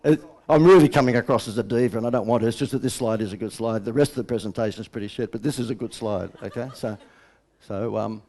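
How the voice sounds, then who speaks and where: A man's voice: medium pitch, fast talker, mellow. A middle-aged Australian man giving a live seminar talk as a business coach, blunt and joking as he tells stories. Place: seminar room.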